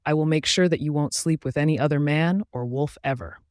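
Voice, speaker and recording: A man's voice: a little high, a little fast, darkish tone, no echo, studio quality, natural voice. A man reading the lines of an arrogant, violent male werewolf alpha in an audiobook, in an angry, demanding voice. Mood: threatening.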